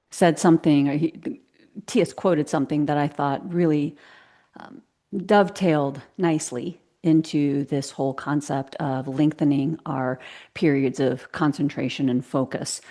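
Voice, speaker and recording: A woman teaching a live yoga class over a video call, giving slow, gentle cues with soft asides. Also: low voice.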